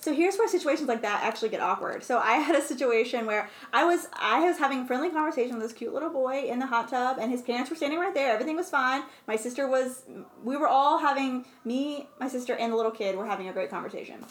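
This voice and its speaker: A woman's voice: high voice, fast, few pauses, reverberant. A young woman co-hosting a casual chat. She tells her stories with frequent laughter. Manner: chatty, laughs often while telling stories. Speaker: podcast co-host.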